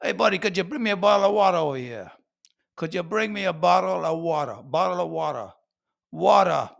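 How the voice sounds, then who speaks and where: A man's voice: sits high, lively intonation, fairly quick, gravelly, a bit bright, voice pushed up, full character voice. A man voicing a brash New Yorker guy who keeps asking for a bottle of water.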